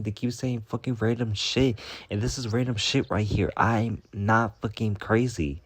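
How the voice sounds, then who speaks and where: A man's voice: medium pitch, moderate pace, husky. A young man hosting a comedic storytime monologue, sassy and profane, rambling with lots of "like" while answering viewer questions.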